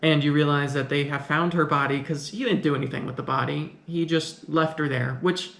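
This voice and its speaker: A man's voice: fairly high pitch, steady tone, fairly quick, vocal fry, a bit bright. A man giving a casual film review, thinking aloud and questioning the plot as he goes. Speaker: film commentator. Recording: echoey room.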